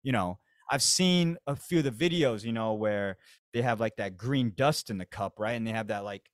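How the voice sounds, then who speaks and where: An American podcast host from the United States tells a comedic story in slangy, profane, laid-back talk. His voice sits on the low side at a normal speed, and the studio sound is clean with no room echo.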